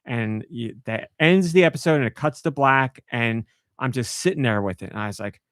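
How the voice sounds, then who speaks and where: Animated podcast host, dry close sound. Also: male voice, mid-range voice, moderate pace, dry recording. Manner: animated storytelling, acts out his own outbursts. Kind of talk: casual podcast chat.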